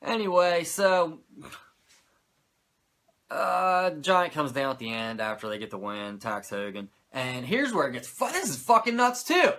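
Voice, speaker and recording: This wrestling recap podcast host talks in a man's fairly high voice, very animated yet unhurried, with a pushed, bright quality. He keeps it casual, swearing constantly, leaning on "like" as filler, and launching into incredulous rants.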